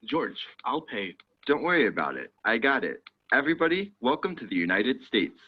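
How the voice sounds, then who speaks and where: A man's voice: medium pitch, sing-song, moderate pace. A man playing a friendly traveler buying bus tickets for a group in a scripted lesson dialogue. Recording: dull lo-fi audio.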